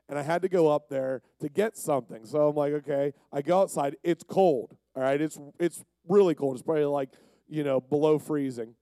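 A man's voice: fairly high pitch, warm tone, no echo. A man from Pennsylvania giving a casual, jokey, rambling storytelling sermon. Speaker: youth speaker.

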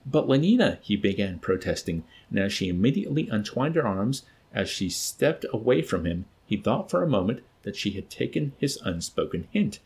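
A man's voice: lowish voice, very animated, normal speed, few pauses, a little mellow, breathy edge. A man reading a novel aloud and then discussing it in a hesitant, thoughtful way.

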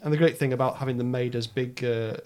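A man's voice: mid-range voice, fairly even intonation, quick pace, a little mellow, smooth. A man hosting a casual chat, wry and self-deprecating, often trailing off with a laugh. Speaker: podcast host.

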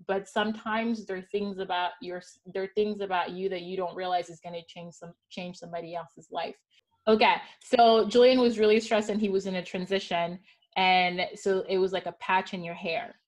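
A woman's voice: on the low side, steady tone, moderate pace. A woman hosting a podcast panel, talking in an earnest, emphatic storytelling way. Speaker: podcast host. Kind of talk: heartfelt panel conversation.

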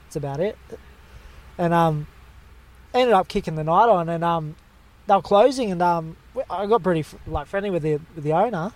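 A young Australian man, originally from the west, spins a rambling anecdote in casual chat. His voice sits a little high, and he strings it along with slang, 'mate' and plenty of fillers. It sounds like a chat in a car. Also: normal speed, a little mellow. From Western Australia. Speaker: storyteller.

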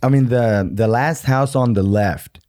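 A man's voice: medium pitch, a little slow, a little mellow. A man co-hosting a casual podcast, joking and swearing freely, with a slight lisp from fake vampire teeth. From Amarillo, Texas. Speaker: podcast co-host. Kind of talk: casual chat.

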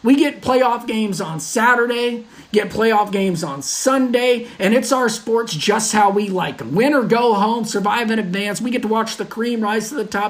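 A man hosting his own sports podcast, talking in a brash, trash-talking fan manner. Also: high-pitched. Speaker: podcast host. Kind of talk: solo sports podcast monologue.

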